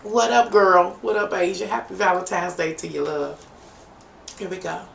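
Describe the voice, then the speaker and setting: A woman's voice: lowish voice, fairly even intonation, moderate pace, vocal fry. A middle-aged woman, giving a playful, bawdy live-stream tarot reading and bantering with her viewers. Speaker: tarot reader. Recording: roomy, distant home mic with faint background hum.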